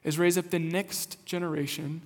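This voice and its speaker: A young-adult man from rural Kansas, a lead pastor giving a conversational, animated sermon and asking the congregation questions. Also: on the high side, normal speed. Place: church sanctuary. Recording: long hall reverb.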